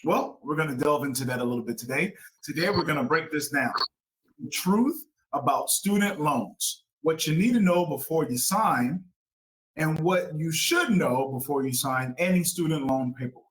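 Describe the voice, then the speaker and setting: A man's voice: on the high side, lively intonation, moderate pace, slight background noise, low-quality recording. A man hosting an educational talk show, speaking upbeat to the listeners as folks. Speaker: podcast host.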